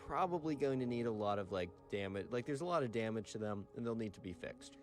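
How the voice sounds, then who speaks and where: A man's voice: medium pitch, expressive, fast talker. Guy telling a story casually, lots of likes and rights, music playing under him. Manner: chatty, fillers like "like" and "right". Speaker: storytelling channel narrator.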